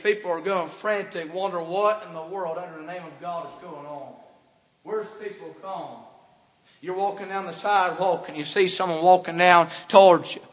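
Fervent man preaching in a big reverberant church. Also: high-pitched. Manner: fervent preaching, swinging from hushed to loud and emphatic. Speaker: pastor. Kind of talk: sermon. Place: church sanctuary.

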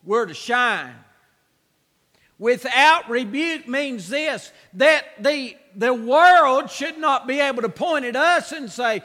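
High-voiced preacher in a ringing hall. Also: male voice, animated, slow pace. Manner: emphatic, repetitive exhortations, rising to shouts. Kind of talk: sermon.

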